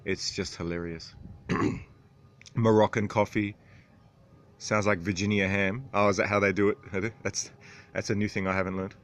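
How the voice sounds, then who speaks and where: A man in his thirties hosting a casual livestream, reading out viewer comments with frequent chuckles and throat clearing. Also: on the low side, level tone, moderate pace, pauses often, fairly bright tone. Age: 30s. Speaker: livestream host.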